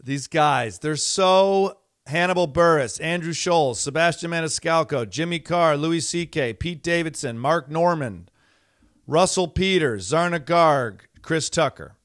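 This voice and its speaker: A man's voice: a little high, lively intonation, measured pace, a bit bright, no room sound. Exasperated male podcast host, dry close mic. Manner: rambling, exasperated, many fillers and restarts. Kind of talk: casual monologue.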